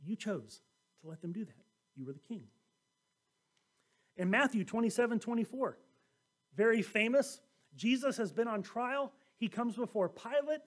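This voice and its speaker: A man preaching a sermon as pastor, telling scripture stories in a lively way and acting out the voices of the people in them. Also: very high voice, normal speed, long pauses. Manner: animated storytelling, acting out quoted voices.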